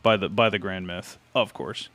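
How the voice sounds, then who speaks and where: A man's voice: low voice, fairly even intonation, moderate pace, a bit bright. A young man chatting casually on a live stream, greeting viewers and thinking aloud as he posts online. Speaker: livestreamer. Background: faint metal music.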